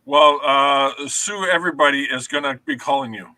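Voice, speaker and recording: A man calling in with a slow, rambling joke setup. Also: medium pitch, bright, forceful tone, no echo, rough recording. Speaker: caller.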